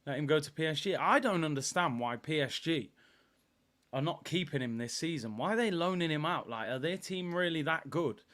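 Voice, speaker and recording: A young man hosts a live football watchalong, reading viewers' comments and reacting to the game. His voice sits a little high for a man, and he swings from easygoing chat to loud, excited outbursts. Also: fairly quick. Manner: animated, banter with chat, bursts of excitement.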